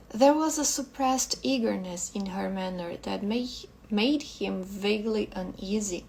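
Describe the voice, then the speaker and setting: A woman English teacher reading a short story aloud slowly and carefully, sometimes restarting a phrase. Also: mid-range voice, gravelly, a little mellow, husky, rough recording.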